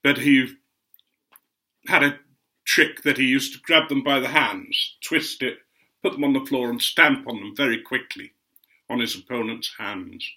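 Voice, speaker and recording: Older guy spinning a rambling yarn, crisp bright tone, average pitch. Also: unhurried. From Otley, Yorkshire, England. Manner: chatty and meandering, with gentle asides. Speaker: guest speaker recounting memories. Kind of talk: anecdotal storytelling.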